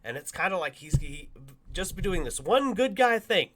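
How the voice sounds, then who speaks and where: A man, co-hosting a casual podcast, telling a story and acting out the quotes with loud bursts and laughter. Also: high-pitched, sing-song, moderate pace. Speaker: podcast co-host.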